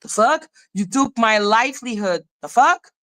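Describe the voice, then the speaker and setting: A woman hosting a live podcast, ranting in an animated, profane way and laughing often. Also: fairly high pitch, a little slow, low-quality recording. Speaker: podcast host.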